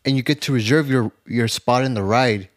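A man's voice: mid-range voice, normal speed, no echo. Man, podcast co-host, casual questions, dry close sound. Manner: asks questions, dry reactions. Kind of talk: casual chat.

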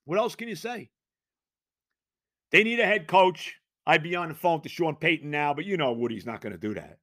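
A man with a high, bright voice rants through a sports talk monologue, exasperated and sarcastic. He fires off one rhetorical question after another. The sound is dry and close. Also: expressive, fast, dry recording. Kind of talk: ranting sports commentary monologue.

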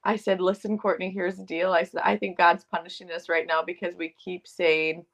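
A woman's voice: fairly low pitch, level tone, brisk. A woman co-hosting a podcast, telling a story casually, acting out quotes, laughing and swearing along the way. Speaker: podcast co-host.

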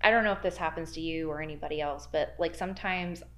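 A low-pitched, fast-talking woman with an American Midwest accent is a guest on a podcast. She works in library archives and tells a spooky workplace story, acting out the quoted dialogue with big leaps in her voice.

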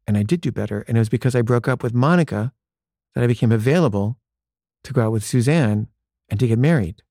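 A man's voice: medium pitch, quick pace, warm tone, no room sound, clean studio sound. A man telling a personal story in a loose conversational way, full of "like" fillers and acted-out bits of dialogue. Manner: conversational, frequent "like" fillers, acts out quoted dialogue.

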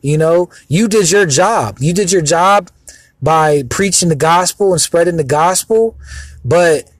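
A man's voice: on the high side, unhurried, dry recording. A young man giving an earnest, rambling casual sermon about faith, full of fillers. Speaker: Christian speaker. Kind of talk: casual preaching monologue.

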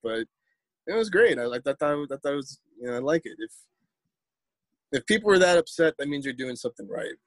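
A man's voice: mid-range voice, lively intonation, a little fast, long pauses, no echo. A man, a poet telling a story in a casual interview, rambling and repeating words as he acts out quotes.

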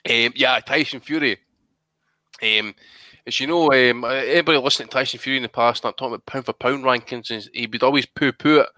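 A man talks boxing on a podcast in a blunt, sweary way. His voice is bright and forceful, recorded dry and close. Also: mid-range voice, a little fast, no echo. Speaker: podcast co-host. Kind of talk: casual boxing chat.

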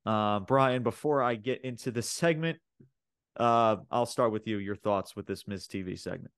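A man's voice: on the low side, moderate pace, fairly bright tone, clean tone, no room sound, studio quality. A man co-hosting a wrestling podcast, recapping a show in casual, profane chat full of fillers and laughs. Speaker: podcast co-host.

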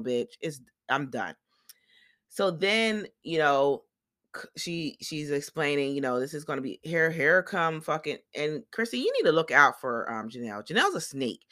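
Sassy podcast host ranting, swears a lot, acts out quotes, bright dry voice. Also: mid-range voice, no echo. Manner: animated, acts out others' quotes in quick voices; blunt and sassy, heavy swearing. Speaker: podcast host reviewing a reality show. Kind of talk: casual profane recap monologue.

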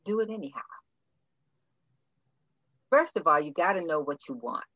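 A woman coach giving motivational advice. Her pitch swings widely as she punches out blunt, playful lines. The recording sounds dry and slightly muffled. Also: expressive, moderate pace, a bit bright, no echo. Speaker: guest coach.

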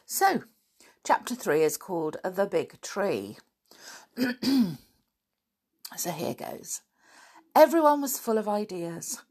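A woman hosting a storytelling podcast, reading a children's book aloud in a friendly, gently animated way. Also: medium pitch, slow pace, long pauses.

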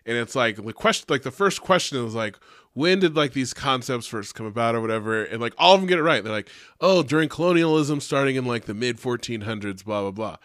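A young man, a teacher, telling a story in casual chat, animated and profane, full of "like", acting out the quotes. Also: medium pitch, brisk, no room sound, studio quality. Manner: animated and profane, heavy use of "like", acts out quotes.

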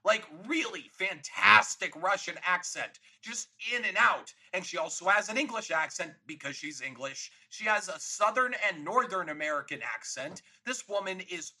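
Man, high voice, husky tone, casual movie chat, laughs easily. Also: expressive, normal speed, hardly any pauses, pushed and bright, poor audio. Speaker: podcast co-host.

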